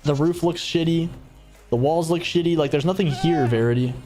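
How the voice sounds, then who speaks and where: A man's voice: fairly high pitch, normal speed, dark tone, faint music behind. A young man streaming a game, talking casually and bluntly with lots of slang, often exasperated. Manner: blunt, slangy, exasperated, says bro a lot. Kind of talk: casual livestream gaming chat.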